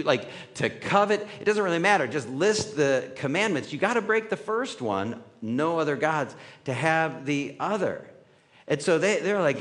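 A man's voice: medium pitch, a bit bright. A man preaching a sermon in a conversational way, often checking in with the room with "right?". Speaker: pastor. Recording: reverberant hall.

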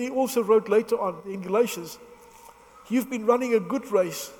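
An emotional male preacher with a high voice delivers a sermon in an earnest, halting way, often breaking off and restarting his sentences. His voice carries a long reverb, as if recorded in a large hall. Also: a little mellow.

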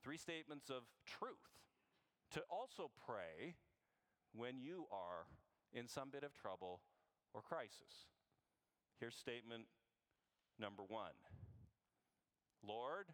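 A man's voice: medium pitch, very animated, takes it slowly, pauses often, fairly bright tone. A man preaching a sermon in an earnest, conversational way, often restarting his sentences as he works through his point. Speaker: pastor.

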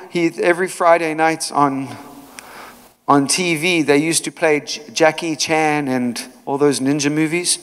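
A man preaching a sermon in a church, telling stories in an animated way with many asides. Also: on the high side. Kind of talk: storytelling sermon. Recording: long hall reverb.

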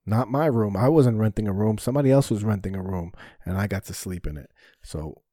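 A man's voice: fairly low pitch, expressive, brisk, warm tone, dry recording, studio quality. A man hosting a solo podcast, talking candidly and rambling, often swearing when frustrated. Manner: candid, self-reflective. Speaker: podcast host.

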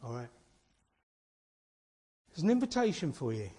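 Brief: man, church elder preaching, warm husky voice, fairly high, earnest and conversational. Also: very animated, unhurried. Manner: earnest, chatty preaching with rhetorical questions and asides. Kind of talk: informal sermon.

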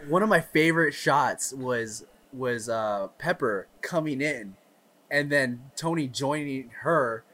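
A man's voice: medium pitch, slow, bright, forceful tone. A man co-hosting a podcast, eagerly retelling movie scenes in casual chat. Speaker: podcast co-host.

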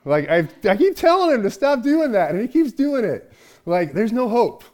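A man's voice: high-pitched, big pitch swings, normal speed. Conversational man preaching a sermon. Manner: conversational, swings from loud to hushed. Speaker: pastor.

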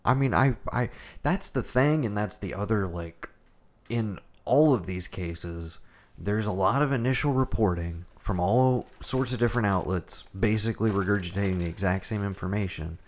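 A man's voice: lowish voice, normal speed. A man co-hosting a podcast in casual chat, thoughtful and hedging, often restarting his sentences. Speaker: podcast co-host.

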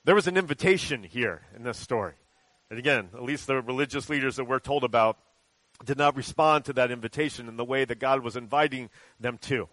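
A man giving a conversational sermon and leading a short prayer, talking in a relaxed way with many ums and uhs. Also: on the high side, no room sound, low-quality recording. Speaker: preacher.

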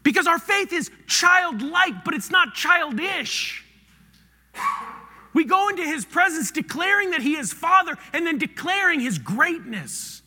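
Man, pastor, sermon, high bright voice, animated, loud to hushed, long hall reverb. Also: measured pace, slight background noise.

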